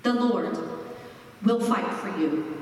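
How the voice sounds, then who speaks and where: A woman preaching a sermon, expressive and slowing down for emphasis. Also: medium pitch, slight background noise. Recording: echoey hall, mic far off.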